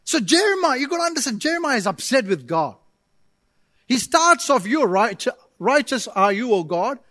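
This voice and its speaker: High-voiced pastor preaching animatedly. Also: male voice, moderate pace, dry recording, clean studio sound. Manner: animated preaching with playful asides and acted-out prayers. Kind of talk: sermon.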